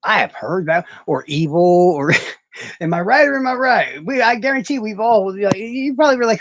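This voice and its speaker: A man with a high-pitched, expressive voice talks fairly quickly over slight background noise. Hosting a casual livestream chat, he rambles, swears freely, and mocks himself while talking to viewers.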